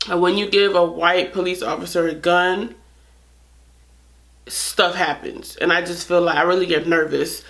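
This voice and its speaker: A woman's voice: fairly low pitch, fairly even intonation, moderate pace, fairly bright tone. A woman vlogger telling a personal story to camera in a casual, earnest way, often restarting her sentences.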